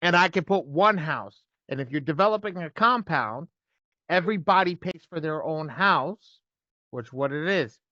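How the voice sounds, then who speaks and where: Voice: medium pitch, animated, moderate pace, bright, forceful tone, no room sound, highs cut off. A co-host coaching on a video call, blunt and emphatic, swearing casually.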